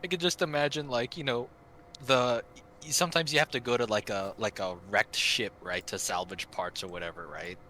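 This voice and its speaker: A man telling gaming stories in casual chat, animated and swearing freely. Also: mid-range voice, normal speed, a little hiss or hum. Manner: animated, swears a lot, acts out quotes. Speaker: gaming friend on stream.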